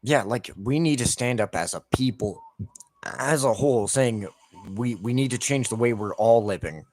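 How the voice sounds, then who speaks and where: A man's voice: medium pitch, normal speed, a little mellow, no room sound. A man giving heated, profane rants over gameplay commentary, with lots of filler "like". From Canada. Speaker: gameplay streamer.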